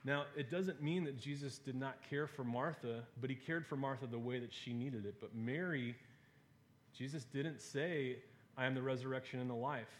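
A man preaching a sermon to a gathered audience, talking in a relaxed, conversational way with fillers and playful asides. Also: mid-range voice, moderate pace.

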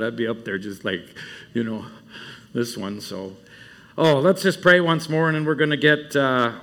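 A middle-aged man giving an earnest, informal sermon at a summer camp, rambling and halting with fillers and restarts. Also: mid-range voice. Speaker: camp speaker. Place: meeting room at a summer camp.

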